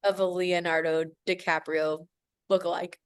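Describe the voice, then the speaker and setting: A woman's voice: on the low side, level tone, moderate pace, smooth. A woman in her forties, a podcast guest, telling a personal story in casual chat, emotional and gushing, acting out what others said. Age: 40s.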